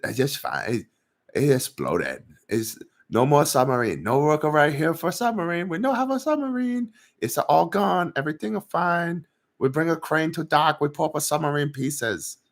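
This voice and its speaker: A man's voice: a little high, lively intonation, normal speed, pitched above the performer's own voice. A man putting on a smug broken-English official. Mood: mock-reassuring. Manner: mock-reassuring, sarcastic. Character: smug evasive male foreign official speaking broken English.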